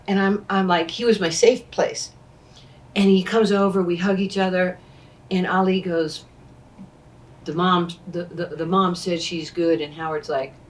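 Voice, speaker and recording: Low-voiced storyteller, New woman in her 60s. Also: recorded from a distance, slight background noise. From Queens, New York. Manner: animated storyteller who acts out quoted dialogue. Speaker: interview guest, former basketball player. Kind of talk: storytelling in conversation.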